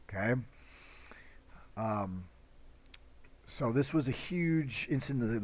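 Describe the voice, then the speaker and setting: A man teaching a history lesson in a loose, conversational way, full of fillers and little acted-out quotes. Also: fairly low pitch. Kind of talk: casual classroom lecture.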